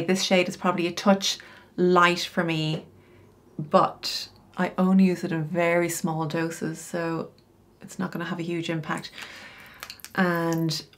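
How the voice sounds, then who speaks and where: Middle-aged woman, style coach, lower-pitched voice; chatty tutorial delivery with offhand asides. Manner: chatty, explains each step with casual asides. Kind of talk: makeup tutorial.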